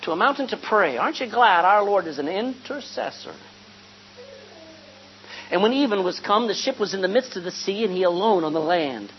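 A woman preaching a sermon, retelling a scripture story with animated storytelling, asking the congregation questions and calling for amens. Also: medium pitch, moderate pace. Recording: dull lo-fi recording with faint hum.

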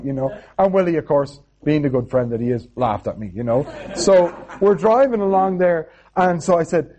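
A man's voice: on the high side, animated, normal speed, hardly any pauses, warm tone. A man preaching a sermon, telling a personal story in a chatty way and often checking in with "okay?". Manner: chatty, keeps adding "okay?".

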